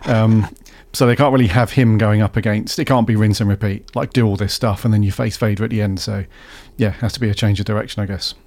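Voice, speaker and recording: Relaxed podcast host. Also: male voice, fairly low pitch, fast, few pauses. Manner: relaxed, steering the conversation. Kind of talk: casual chat.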